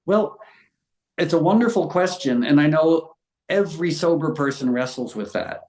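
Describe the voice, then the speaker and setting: A man's voice: on the high side, animated, normal speed, a little mellow. A middle-aged man speaking as an interview guest, talking frankly and with passion. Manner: earnest, impassioned and frank. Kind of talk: conversational interview. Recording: roomy echo.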